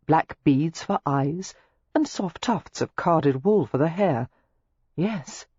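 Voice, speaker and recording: A woman narrating a romance novel audiobook in an expressive, measured way. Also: deep voice, breathy edge, dry recording. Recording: dry, slightly muffled lo-fi recording.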